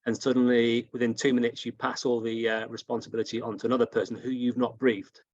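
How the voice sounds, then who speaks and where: A man's voice: mid-range voice, little pitch movement, dry recording. Man on a dull, dry video call. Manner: measured, explanatory. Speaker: workshop participant.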